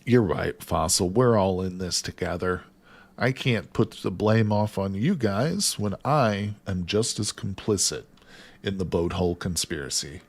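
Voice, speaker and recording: A man's voice: deep voice, a little slow. A man livestreaming a game, chatting casually with viewers, reading their comments aloud, joking and laughing often. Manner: jokey, laughs often, reads chat aloud. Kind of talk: casual livestream chat while gaming.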